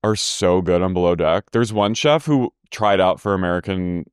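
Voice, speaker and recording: A man's voice: deep voice, clear, resonant tone, dry recording, studio quality. A young adult man co-hosting a podcast, gossiping chattily about a reality show. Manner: chatty, gossipy, quick asides. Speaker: podcast co-host. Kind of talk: casual chat recapping a TV show.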